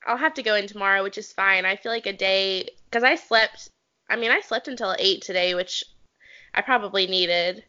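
A woman's voice: mid-range voice, normal speed, sharp tone, muffled recording. A young woman co-hosting a podcast, sick with a cold, talking in casual chat. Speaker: podcast co-host.

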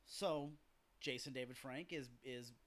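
A man's voice: medium pitch, unhurried, a bit bright. A man hosting a casual solo podcast, telling rambling stories full of swearing and offhand asides. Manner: profane, rambling storytelling with asides; acts out quoted lines in a gruff voice. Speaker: podcast host.

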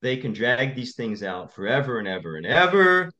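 An attorney appearing as a podcast interview guest tells stories in an impassioned, animated way. He has a mid-range voice and talks at a moderate pace.

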